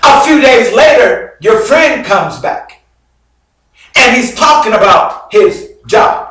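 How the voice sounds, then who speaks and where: High-voiced preacher in an echoing church. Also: male voice, animated, slow. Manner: dramatic storytelling, swings between loud bursts and low drops. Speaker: bishop preaching. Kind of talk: sermon. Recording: very echoey hall, mic far off.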